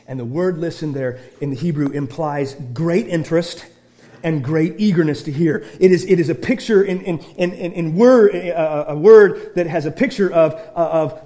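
High-voiced preaching man, hushed to shouting. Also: moderate pace. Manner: repeats and restarts phrases. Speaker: pastor. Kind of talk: sermon.

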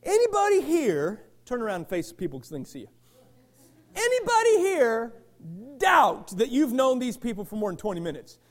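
Brief: middle-aged male pastor, high lively voice, fiery sermon with chatty asides. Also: moderate pace. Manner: animated preaching, swings from shouting to quiet asides with the congregation.

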